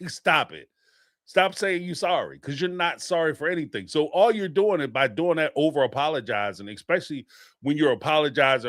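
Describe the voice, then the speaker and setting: A man's voice: on the high side, animated, moderate pace, dry recording, studio quality. A man giving casual live reaction commentary on a reality show, blunt and profane, often mimicking people in mocking voices.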